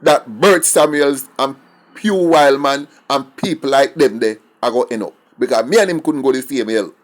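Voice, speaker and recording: A man's voice: medium pitch, normal speed. A middle-aged Jamaican man giving an emphatic, indignant opinion monologue and slipping between English and patois. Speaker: commentator.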